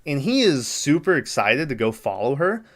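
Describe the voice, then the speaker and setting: A man's voice: mid-range voice, very animated, moderate pace, a bit bright. Man laughingly recapping a horror film. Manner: rambling, laughing, acting out lines. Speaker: podcast host.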